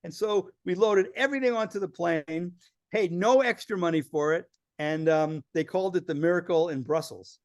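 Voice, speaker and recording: Animated man telling travel stories. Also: sits high, moderate pace, no echo, studio quality. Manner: animated storyteller acting out quoted voices. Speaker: filmmaker guest. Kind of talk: storytelling in a podcast interview.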